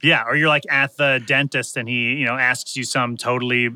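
A man's voice: mid-range voice, fairly even intonation, fairly quick, sharp tone, clean tone, no room sound. A man guesting on a comedy podcast, rambling and self-deprecating, tripping over his words. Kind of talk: casual comedic chat.

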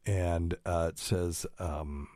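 Man, very low voice, dry close sound, rambling casual talk, lots of ums. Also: fairly even intonation, takes it slowly, dark tone, no echo. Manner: rambling, digressive, many fillers. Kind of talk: casual talk, reading news aloud.

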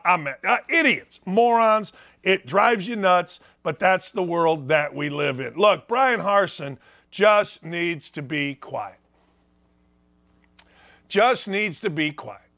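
A man's voice: sits high, bright, forceful tone. A man in his sixties from northwest Indiana hosting a sports talk show, ranting and mocking in an opinionated monologue that keeps repeating its points.

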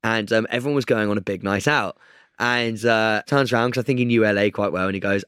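A young man, co-hosting a podcast and telling an excitable story full of laughs. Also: mid-range voice, brisk, no echo, clean studio sound. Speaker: podcast co-host. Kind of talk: casual chat, storytelling.

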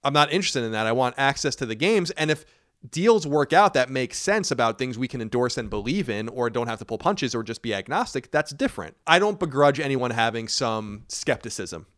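Male podcast host, rapid and blunt, dry close-miked sound. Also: medium pitch, sing-song, a bit bright, dry recording. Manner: fast, blunt, swears casually. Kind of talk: casual podcast chat.

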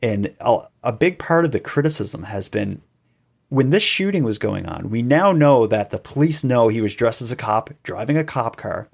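A man's voice: normal speed, creaky, breathy edge. Man telling a story animatedly. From Canada. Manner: animated storytelling, acting out quoted calls with rising pitch. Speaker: podcast guest. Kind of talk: conversational interview.

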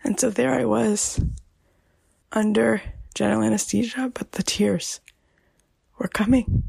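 Brief: middle-aged woman podcast host, tender half-whispered delivery, very husky tone. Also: on the high side, fairly even intonation, dry recording. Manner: slow, soft, half-whispered and tearful. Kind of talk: personal story to listeners.

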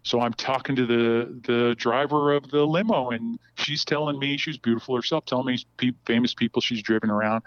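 A man's voice: medium pitch, a bit bright, no echo. Middle-aged guy rambling thru a story, dull dry lo-fi sound, lots of restarts. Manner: rambling, many restarts and "blah, blah". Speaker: podcast guest. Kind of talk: casual storytelling.

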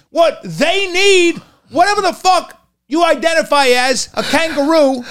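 A podcast host putting on a brash, threatening tough-guy New Yorker with a Brooklyn accent, shouting and profane. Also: very high-pitched, voice pushed up, full character voice. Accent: put-on Brooklyn New York.

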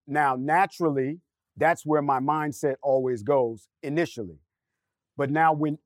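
A man's voice: a little high, dry recording, clean studio sound. A middle-aged man on a discussion panel, candidly telling a personal story and acting out what was said. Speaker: panel guest.

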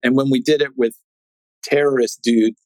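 A man in his sixties talks to an audience in a direct, emphatic way and fires off question after question. His voice sits at a middle pitch. The recording is close and dry. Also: fairly even intonation, moderate pace, darkish tone, no room sound, rough recording. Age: 60s. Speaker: speaker on conflict resolution. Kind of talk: animated talk to an audience.

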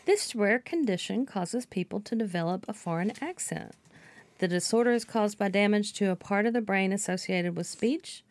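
A woman's voice: mid-range voice, expressive, moderate pace, no echo. A woman co-hosting a podcast, reading topic notes aloud between brief casual replies. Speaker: podcast co-host.

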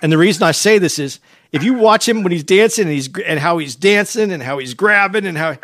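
A man co-hosting a podcast in casual chat, earnest and halting, often repeating words as he gets serious. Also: high-pitched, fairly bright tone. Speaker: podcast co-host.

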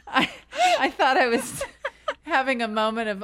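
A woman's voice: high voice, lively intonation, measured pace, heavy background noise. A middle-aged woman co-hosting a casual chat, teasing and laughing often as she talks. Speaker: podcast co-host.

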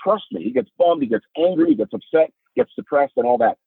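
A man's voice: wildly swooping pitch, fast, dry recording. A middle-aged man, a podcast guest, telling about family life with earnest, emphatic storytelling. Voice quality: husky. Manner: earnest, emphatic storytelling, rising pitch when moved. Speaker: podcast guest, father of a son with epilepsy. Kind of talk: podcast conversation. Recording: dry phone-like remote line.

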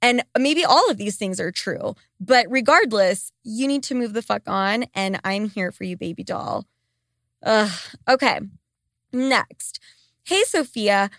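A woman's voice: medium pitch, lively intonation, measured pace, fairly bright tone, no echo, studio quality. A young woman hosting a casual advice podcast, blunt and profane, answering listener letters.

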